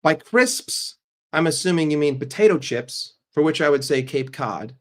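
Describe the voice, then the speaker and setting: A man hosting a live stream who answers his chat casually, speaking bluntly, swearing often and joking. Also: on the high side. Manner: blunt and profane, answers chat with quick jokes. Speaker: livestream host.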